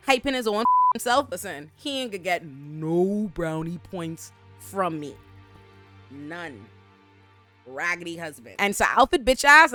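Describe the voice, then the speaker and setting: Animated, salty woman recapping TV. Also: on the low side. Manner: animated, profane, laughing asides. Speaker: TV recap host. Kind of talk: casual recap commentary.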